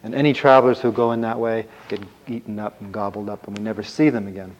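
A man's voice: lowish voice, little pitch movement, fast talker, long reverb tail, close to an everyday voice, low-quality recording. A man doing a wary soldier on guard. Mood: warning. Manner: urgent warning. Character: wary male soldier guarding a forest path.

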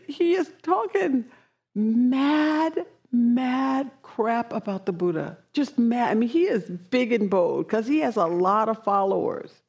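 A woman meditation teacher giving a dharma talk, reflective and slow, mixing in casual slang. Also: fairly high pitch, vocal fry, darkish tone, breathy edge.

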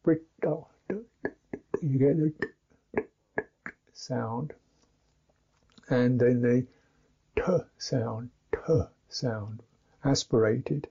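Slow, gravelly male teacher. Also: mid-range voice, warm tone. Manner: deliberate, repeats and demonstrates consonant sounds. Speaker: Buddhist meditation teacher. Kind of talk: slow instructional talk on pronunciation. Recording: dull lo-fi recording.

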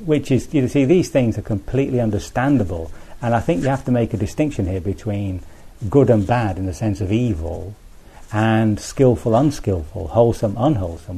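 Low mellow guy giving a buddhist talk, chatty, restarts a lot, bit of hiss behind. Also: gravelly, husky. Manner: conversational, thinks aloud with restarts and asides. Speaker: Buddhist teacher. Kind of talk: dharma talk.

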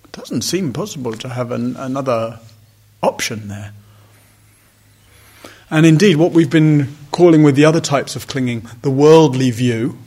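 Man, husky voice, meditation teacher, reflective dharma talk, wry asides. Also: medium pitch, darkish tone. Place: retreat center hall.

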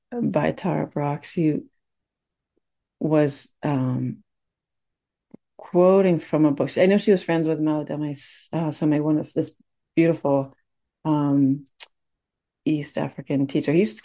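A woman meditation teacher giving a dharma talk in a gentle, reflective way, teary as she speaks. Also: low-pitched, a little slow, long pauses.

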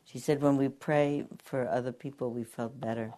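An older woman speaks in a very deep, low voice as she gives a dharma talk. She tells stories gently, pausing often and reaching for her words with small fillers. Her tone stays unhurried and reflective. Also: steady tone. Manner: gentle storytelling with many pauses and fillers. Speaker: meditation teacher. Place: meditation hall.

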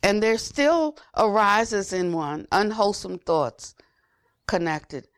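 An older woman giving an unhurried Buddhist dharma talk, repeating phrases for emphasis and trailing to a near whisper at phrase ends. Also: medium pitch, big pitch swings, clean tone, no room sound, studio quality. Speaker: Buddhist teacher.

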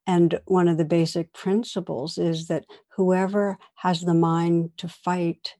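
A woman meditation teacher giving a dharma talk, telling a story in a gentle, reflective way. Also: sits low, gravelly. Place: meditation hall.

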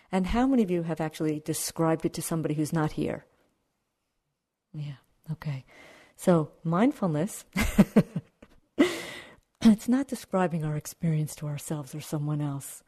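Low-voiced woman giving a calm dharma talk. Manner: calm, slow, reflective, with asides to the audience. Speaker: meditation teacher. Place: meditation retreat hall.

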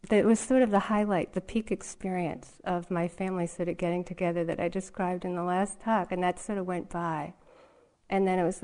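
Woman meditation teacher, casual storyteller, quick to laugh, informal talk to a retreat audience. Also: medium pitch, dark tone. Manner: conversational storytelling with frequent laughter. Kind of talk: dharma talk. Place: retreat hall.

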